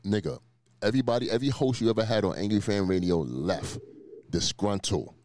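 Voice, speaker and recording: A man's voice: lowish voice, fairly quick, no room sound. A man hosting a talk show, talking brashly with lots of swearing and teasing in a heated casual chat. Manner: brash, profane, loud and teasing. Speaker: show host.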